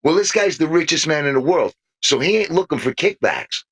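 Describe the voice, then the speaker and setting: A man's voice: a little high, brisk, husky. An older man co-hosting a podcast, chatting casually about politics and telling long stories in which he acts out the other voices. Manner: animated storyteller, acts out quoted voices. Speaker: podcast co-host.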